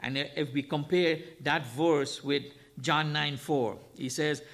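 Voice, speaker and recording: A man's voice: fairly high pitch, fairly even intonation, slow pace, a bit bright. A man preaching a sermon as a guest speaker, emphatic, repeating key phrases and asking rhetorical questions.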